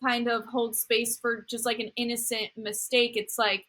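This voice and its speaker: A woman's voice: fairly high pitch, little pitch movement, fairly bright tone. A woman guest in a casual podcast chat, talking things through thoughtfully with lots of "like" fillers. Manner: thoughtful, many "like" fillers, quick agreement. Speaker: podcast guest, dating content creator.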